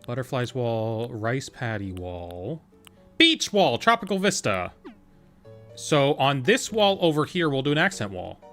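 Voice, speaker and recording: A man streaming a game, talking through each step in a loose, playful way as he decides what to do next. His voice sits at an ordinary middle pitch, with faint game music behind him. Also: expressive, measured pace, few pauses. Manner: thinking aloud, chatty and playful, answering chat. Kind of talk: casual gameplay commentary.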